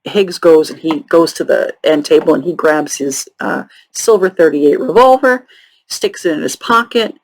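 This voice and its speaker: A woman hosting a true crime show, telling the case in a casual, halting way with frequent sarcastic and profane asides. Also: deep voice, low-quality recording. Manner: halting, many ums and restarts. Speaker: true crime podcast host.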